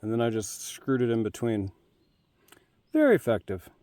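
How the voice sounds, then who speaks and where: A man from Nevada vlogging from his kayak on a lake, talking in a relaxed, rambling way and marveling at the scenery. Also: medium pitch, moderate pace. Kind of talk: casual outdoor vlog narration.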